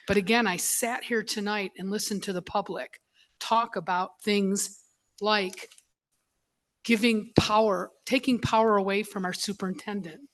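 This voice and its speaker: Woman, board member, choked up, halting, apologetic, public meeting. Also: medium pitch.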